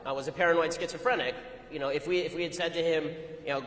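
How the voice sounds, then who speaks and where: A man speaks fast and pointedly, in a slightly raised voice, stringing a combative anecdote together without pause. The sound is roomy, with a long hall reverb trailing each phrase. It comes across as a live talk captured in a large venue. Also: on the high side, steady tone, fairly bright tone. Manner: rapid, argumentative storytelling. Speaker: public speaker. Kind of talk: anecdotal speech to an audience.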